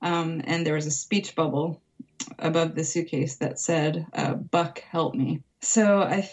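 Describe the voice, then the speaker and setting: A woman telling a story as a podcast guest from her home, lively, laughing often and acting out voices. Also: low voice, a little slow. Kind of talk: casual storytelling interview.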